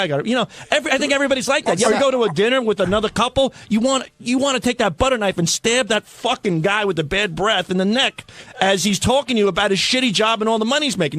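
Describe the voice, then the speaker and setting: A high-pitched man tells a rambling, defensive story in casual radio banter. The studio sound is close and dry. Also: fast, fairly bright tone, no echo. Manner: rambling, defensive storyteller, rolls with his bits. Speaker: radio show regular. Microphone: studio microphone.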